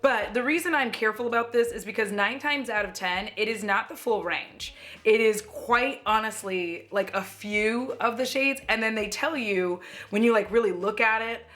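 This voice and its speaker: American woman, beauty vlogger, bright voice, casual and jokey, swears freely. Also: fairly high pitch, moderate pace. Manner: chatty, joking, swears casually. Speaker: beauty YouTuber. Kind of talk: casual chat to camera.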